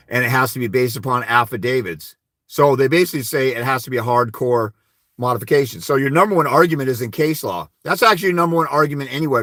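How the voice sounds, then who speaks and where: A man's voice: mid-range voice, a bit bright, dry recording, studio quality. A blunt, profane man giving casual legal advice to fathers on a livestream, telling stories with quoted dialogue. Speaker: host of a fathers' rights livestream.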